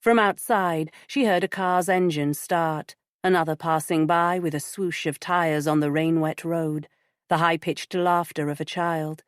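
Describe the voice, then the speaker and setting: A woman narrates a thriller audiobook in a measured, even way. Her voice sits slightly low and is recorded close and dry, with no room sound. She reads at a steady pace. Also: no room sound. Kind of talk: scripted narration.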